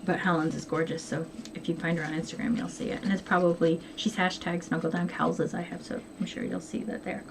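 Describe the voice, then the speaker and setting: A middle-aged woman hosting a knitting podcast, talking quickly and casually with plenty of ums. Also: on the low side, flat delivery, vocal fry. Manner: chatty, quick and rambling with many ums. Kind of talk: casual chat to camera. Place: at home. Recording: noisy home recording.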